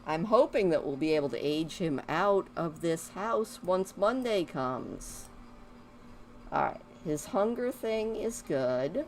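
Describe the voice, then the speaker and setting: A woman's voice: on the low side, slight background noise. A woman giving casual commentary while she plays a life-sim game, chatting to her characters and rambling about music. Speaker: gaming video host.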